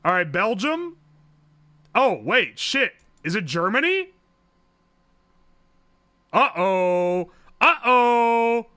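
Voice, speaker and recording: High, bright-voiced streamer man. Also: huge pitch swings, a little slow, dry recording. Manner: swearing, joking, thinking aloud. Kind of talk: casual livestream commentary.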